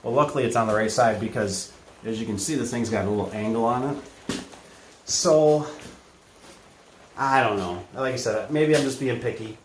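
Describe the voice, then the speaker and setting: A man's voice: mid-range voice, normal speed, long pauses. A man with a Midwestern American accent, a garage door technician talking his way through a job in a casual, rambling vlog style full of fillers and self-corrections, soaked from the rain. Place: indoors in a shed, then outdoors in the rain. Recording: echoey space with faint ambient noise.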